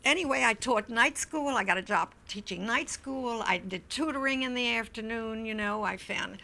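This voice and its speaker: An older woman, an interview guest, recounting memories in a reflective, halting way. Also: a little high, vocal fry, sharp tone. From Wilmington, Delaware, US. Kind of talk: oral history recollection.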